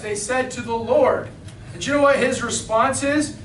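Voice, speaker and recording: A man preaching a King James sermon in a small church, reading scripture and exhorting with fervent, emphatic bursts of shouting. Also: very high voice, animated, a little slow. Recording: roomy hall, mic at a distance, faint noise.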